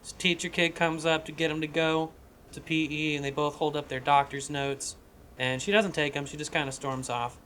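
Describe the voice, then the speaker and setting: A man talks through a script idea for his podcast, rambling and profane and restarting his sentences. His voice is bright and forward, and a faint hum of ambience sits behind him. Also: fairly high pitch, level tone, normal speed, few pauses. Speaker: podcast co-host. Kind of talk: casual chat pitching a script.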